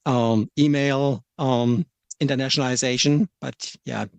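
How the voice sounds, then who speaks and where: A middle-aged man from Germany speaks English with a German accent and a gravelly, creaky texture. He is relaxed and reflective, dotting his answers with ums and soft chuckles. The sound is dry and close. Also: mid-range voice, unhurried, no room sound. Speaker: podcast guest. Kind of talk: casual interview.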